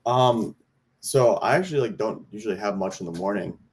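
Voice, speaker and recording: A man with a fairly low voice answers questions on a podcast. He talks in a relaxed, easygoing way and pauses often with fillers. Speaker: podcast guest. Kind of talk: casual interview chat.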